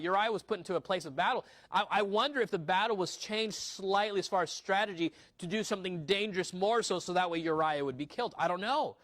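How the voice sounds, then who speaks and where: A young pastor preaches with earnest drive, stumbling and restarting words as he acts out little asides. His voice sits a bit high for a man. The sound is close and dry, with almost no room echo despite the church. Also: a bit bright. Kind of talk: sermon. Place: church sanctuary.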